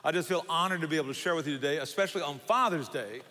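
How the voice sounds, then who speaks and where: An older guest pastor from Savannah, Georgia, with a thick Southern Georgia accent, preaches a sermon full of folksy, joking stories. His sharp-toned voice is a little high for a man, races along, and carries the long reverb of a large sanctuary.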